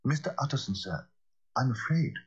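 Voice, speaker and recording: A man's voice: medium pitch, lively intonation, normal speed, slightly rough, highs cut off, pitched above the performer's own voice. A man voicing an anxious old butler who talks in a fearful, pleading way. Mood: worried.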